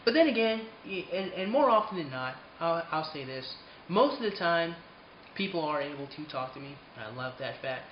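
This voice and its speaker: A man talking straight to his viewers in a casual vlog rant, swinging between heated outbursts and quiet asides and swearing freely. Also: on the high side, lively intonation, moderate pace, roomy sound, muffled recording, slight background noise. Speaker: channel host.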